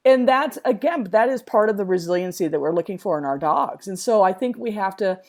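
Woman, frank animated storyteller, mid-pitched, swears casually, chatty podcast co-host. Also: fairly quick. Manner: lively storyteller, acts out quotes. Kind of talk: casual chat.

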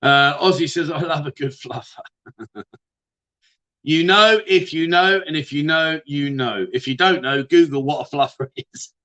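Bright-voiced joking man. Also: on the high side, a little slow. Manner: jokey, teasing banter with viewers. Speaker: livestream host. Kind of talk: casual livestream chat reading comments.

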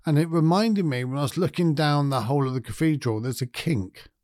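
A man hosting his own podcast, talking in a gentle, candid way and thinking aloud. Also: fairly high pitch, a little fast, no room sound, studio quality. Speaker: podcast host. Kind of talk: reflective solo podcast talk.

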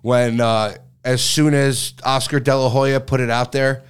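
A man's voice: medium pitch, level tone, measured pace, smooth. A man co-hosting a casual podcast chat, teasing and swearing. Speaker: podcast co-host.

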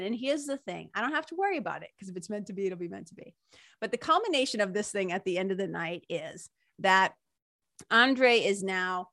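Dry, animated woman telling a story. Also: medium pitch, no echo. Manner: animated, emotional, many fillers like "like" and "you know"; breaks into laughter. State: emotional, near tears. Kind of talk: casual storytelling monologue.

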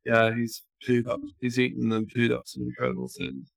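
A man's voice: medium pitch, monotone, moderate pace, vocal fry, no room sound. A man co-hosting a podcast, a father chatting casually in a teasing, laid-back manner. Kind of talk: casual chat.

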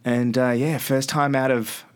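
A man's voice: medium pitch, little pitch movement, measured pace, clean tone. An Australian man in his thirties, a radio host telling rambling anecdotes as a podcast guest, often laughing mid-sentence. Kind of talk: casual storytelling interview. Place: studio.

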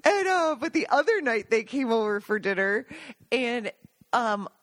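Woman podcast cohost telling stories, laughs a lot, kinda high voice, dry close sound. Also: measured pace, no room sound. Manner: animated storyteller, laughs often, acts out quotes. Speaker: podcast co-host. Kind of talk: casual chat.

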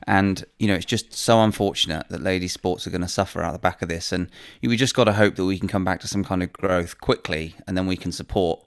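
A deep-voiced British man co-hosts a relaxed chat. His voice is gravelly yet smooth. He muses aloud, often hesitating and starting over, and sounds close and dry. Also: quick pace, hardly any pauses, no room sound. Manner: musing, hesitant, with restarts. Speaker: podcast co-host, professional golfer. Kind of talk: casual chat.

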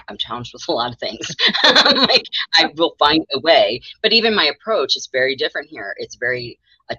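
Bright, animated middle-aged woman therapist. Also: rumbling low, slightly rough, no room sound. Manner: animated storyteller acting out quoted dialogue. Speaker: mental health therapist, guest. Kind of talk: casual interview conversation. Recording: dull lo-fi dry sound.

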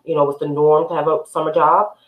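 A woman guest on a podcast telling her story candidly, pausing often with "um". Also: sits low, level tone. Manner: candid storyteller, frequent "um" pauses. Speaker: guest, accountant and entrepreneur. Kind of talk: casual interview chat. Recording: echoey room.

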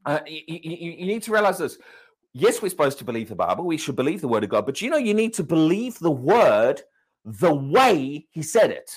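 A man's voice: on the high side, big pitch swings, brisk, slightly rough. A man preaching a sermon, emphatic and questioning, repeating and restarting words as he drives his points home.

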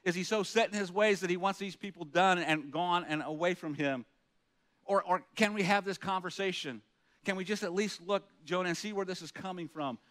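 Speaking a little fast in a high-pitched, fairly bright voice, a male pastor delivers an earnest, conversational sermon. He reads scripture aloud between his remarks and asks the room rhetorical questions.

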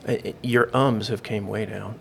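A man's voice: lowish voice, steady tone, moderate pace, creaky, fairly bright tone, a little hiss or hum. A man guesting on a podcast in casual chat, agreeing often with short affirmations.

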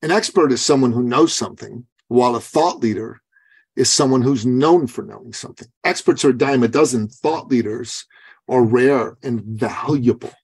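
Husky, animated male business coach. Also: moderate pace. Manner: animated, acts out quoted dialogue in a higher voice. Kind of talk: energetic storytelling interview answers.

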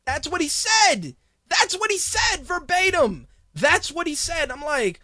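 A man's voice: extremely high pitch, big pitch swings, measured pace, bright, forceful tone, no echo, studio quality. A man hosting a podcast, ranting bluntly and crudely in a heated, profane monologue. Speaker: podcast host.

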